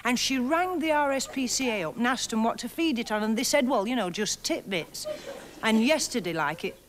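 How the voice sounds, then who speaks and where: A woman doing a stand-up routine, gossiping in a chatty way and firing off deadpan one-liners while laughing at her own jokes. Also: fairly high pitch, fairly quick, slight background noise. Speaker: stand-up comedian. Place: TV studio stage before live audience. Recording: archive TV recording with audience laughter.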